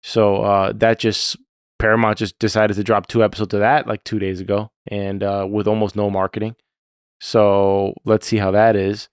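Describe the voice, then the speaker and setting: A man with a lowish, smooth, resonant voice talks through a TV episode in a relaxed podcast chat. He is lively and sometimes jumps up high to act out a character's lines. The sound is dry and close, with no room around it. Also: normal speed, no room sound. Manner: animated, acts out lines from the show in raised voices. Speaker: podcast co-host. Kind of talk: casual chat about a TV episode.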